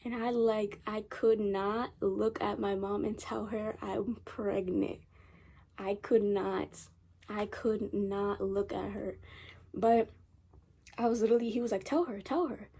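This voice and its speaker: Husky-voiced teen girl telling a story. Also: medium pitch, steady tone, takes it slowly, dark tone. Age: teens. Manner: chatty, rambling, repeats herself. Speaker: vlogger. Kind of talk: casual storytime chat. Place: bedroom at night.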